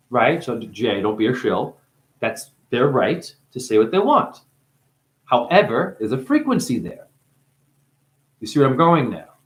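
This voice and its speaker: A man in a rambling spiritual monologue, free-associating through wordplay and profanity, dropping to hushed asides and breaking into crooning. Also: mid-range voice. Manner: profane, teasing. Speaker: spiritual talker.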